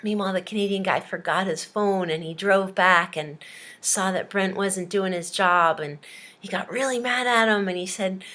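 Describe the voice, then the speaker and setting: A woman from Hawaii, a language teacher, telling a silly story for students in a chatty, animated way. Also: medium pitch, moderate pace.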